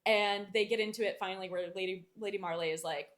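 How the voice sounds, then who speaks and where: A woman's voice: medium pitch, lively intonation, fast talker, hardly any pauses. A young woman co-hosting a romance book club podcast, chatting casually with lots of fillers and acting out lines from the book. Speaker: podcast co-host.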